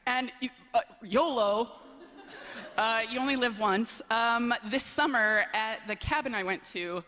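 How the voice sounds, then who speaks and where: A young woman from southern Wisconsin speaks in a bright, sharp tone. She gives a chatty, self-deprecating talk to a chapel gathering. Her voice rings with a long reverb through the large hall. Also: on the high side, a little slow. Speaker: chapel speaker, speech coach. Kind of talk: humorous personal talk at a chapel service.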